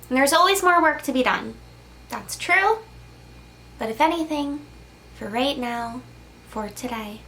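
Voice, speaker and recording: Young woman, high bright-ish register, gentle casual spiritual pep talk, soft laughs. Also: slight background noise. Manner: soft, reassuring, casual with fillers, laughs between lines. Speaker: crystal healer giving a channeled message.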